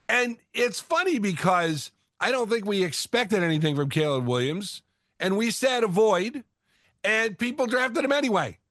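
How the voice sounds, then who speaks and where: A man co-hosting a fantasy football show, ranting in an animated, playful way. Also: high-pitched, measured pace, no echo, studio quality. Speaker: fantasy football podcast co-host. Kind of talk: casual sports chat.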